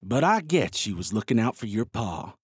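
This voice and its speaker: A smug, menacing outlaw drawls low and slow, taking his time with every threat, voiced by a man reading a story. The recording is dry and close. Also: sing-song, husky, no echo, heavily acted. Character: menacing tall male outlaw, smug bully.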